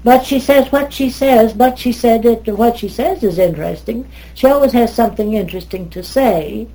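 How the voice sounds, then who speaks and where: A woman's voice: a little high, moderate pace, warm tone, voice pushed up, close to an everyday voice, low-quality recording. An older woman voicing a haughty English speech teacher in a retold story, cutting and proper. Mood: scornful.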